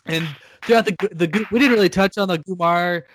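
A man's voice: high voice, brisk, a bit bright, a little hiss or hum. A man co-hosting a podcast in casual chat, retelling TV scenes with a loose, swearing, joking manner. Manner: retells scenes with acted quotes, swears freely. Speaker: podcast co-host.

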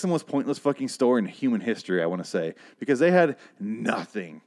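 A man from Michigan hosts a podcast in a loose, rambling monologue. He talks with a sarcastic, profane edge at an ordinary, middle pitch, the way he would talk to friends. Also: sing-song, a little fast, few pauses, darkish tone. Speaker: podcast host. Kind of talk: casual comedic monologue.

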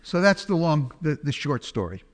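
A man's voice: fairly high pitch, sing-song, moderate pace. A man giving a chatty, humorous personal testimony, telling a story to an audience. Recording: long hall reverb.

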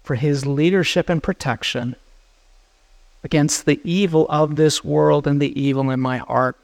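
A man's voice: on the high side, fairly even intonation, a little slow, vocal fry, darkish tone, no echo. A man preaching a sermon as pastor, earnest and urgent as he exhorts his listeners.

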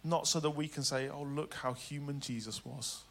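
A man preaching a sermon dramatically, swinging between loud urgency and hushed tenderness. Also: fairly high pitch, steady tone, moderate pace, a little hiss or hum.

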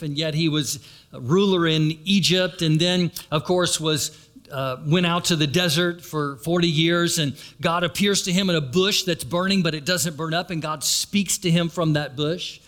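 A man's voice: a little high, moderate pace, a bit bright. A man preaching a sermon, retelling a story and turning to the congregation with asides. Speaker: pastor.

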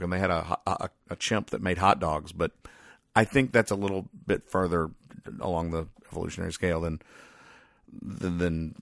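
Deep-voiced man dryly explaining comics. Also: vocal fry, no room sound. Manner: dry, rambling, halting with many fillers. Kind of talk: casual deadpan comic strip commentary.

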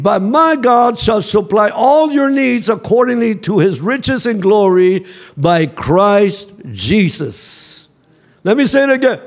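A male pastor preaching a sermon in a church, calling the congregation to repeat after him and building to shouts. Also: high voice, gravelly. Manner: call-and-response preaching, rising to shouts. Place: church sanctuary.

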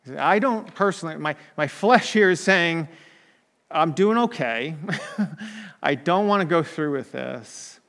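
A man's voice: fairly high pitch, animated, a little slow, vocal fry, fairly bright tone, big-room sound. A man preaching a conversational sermon, often checking in with "right?" and restarting his sentences.

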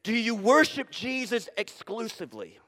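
A man's voice: very high voice, animated, moderate pace, sharp tone. A man preaching a sermon as pastor to a congregation in a church, building his points through emphatic repetition and rhetorical questions. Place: church sanctuary before a congregation. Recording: long hall reverb.

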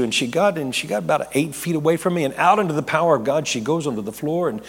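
A man's voice: on the high side, quick pace, breathy edge. A middle-aged man, a pastor, telling a long testimony in a sermon, rambling, correcting himself and laughing at his own asides. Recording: long hall reverb.

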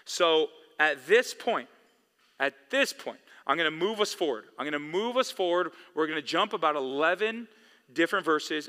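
Male pastor, sermon, emphatic repeats, bright forceful voice, long reverb of a church hall. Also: on the high side. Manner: emphatic preaching with repeated phrases. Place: church sanctuary. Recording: long echo of a big hall.

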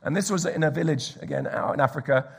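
Husky gravelly preacher man. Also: on the high side, fast talker. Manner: storytelling, drops to a hushed whisper for emphasis. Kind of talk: sermon.

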